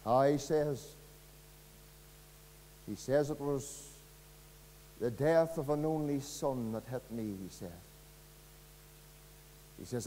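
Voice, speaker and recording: A man with a Northern Irish accent preaching an evangelistic sermon, earnest and pleading, dropping to a hush and rising again. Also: medium pitch, slow, long pauses, slight background noise. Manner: earnest, pleading, dramatic swings from loud to hushed. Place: church. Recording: long reverb of a church hall.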